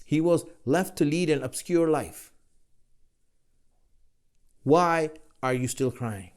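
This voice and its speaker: A man giving a religious lecture, pressing his listeners with rhetorical questions in a measured, emphatic way. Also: fairly high pitch, darkish tone. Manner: rhetorical questions, role-plays the listener's replies.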